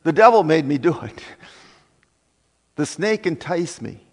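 Defensive and quick to pass the blame, a woman, as a male preacher puts her on, answers in a slightly raised voice. A long hall reverb trails behind each word. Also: on the high side, sing-song, husky, full character voice. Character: Eve, a young woman shifting blame.

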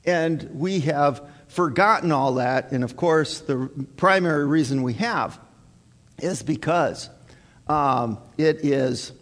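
A man's voice: fairly high pitch, takes it slowly, fairly bright tone. A male pastor preaching a sermon to his congregation in an earnest, emphatic way, repeating his key points. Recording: long hall reverb.

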